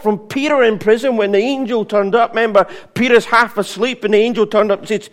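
Animated preacher, raised voice. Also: male voice, high-pitched, a little fast, few pauses. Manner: animated, acts out voices, sings hymn lines. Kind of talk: sermon.

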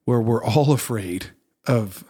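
A man's voice: medium pitch, slow, mellow, slightly rough. A man in casual conversation on a faith podcast, thinking aloud in an earnest, reflective way. He often circles back with fillers and restarts.

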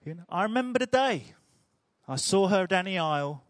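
Preacher bloke, high voice, jokey storytelling, dry sound. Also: male voice, lively intonation, normal speed, dry recording. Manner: chatty, humorous storytelling. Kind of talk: sermon.

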